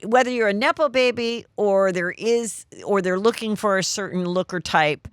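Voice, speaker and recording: A middle-aged woman hosting a podcast interview, animated and quick with follow-up questions. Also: medium pitch, smooth, no room sound, studio quality. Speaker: podcast host.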